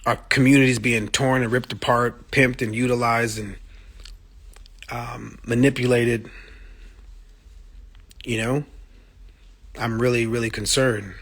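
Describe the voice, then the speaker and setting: A man's voice: medium pitch, bright, forceful tone. A man talking on a phone livestream, blunt and profane, speaking with passion and answering viewer comments as they come in. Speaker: musician streaming live to fans. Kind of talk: casual livestream monologue.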